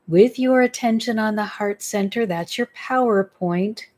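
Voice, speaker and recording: A woman's voice: medium pitch, measured pace, few pauses, a little mellow. A woman leading a guided tapping meditation. She speaks in a soothing, instructive way and repeats affirmations for the listener to say back. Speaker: spiritual healer leading a guided exercise.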